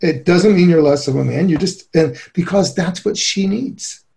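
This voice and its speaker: A middle-aged man speaks as an interview guest with an earnest, animated manner. His voice carries a gravelly fry and a warm, mellow colour, set slightly higher than most men. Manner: earnest, animated, quick to laugh. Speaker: guest expert on relationships. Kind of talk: conversational interview.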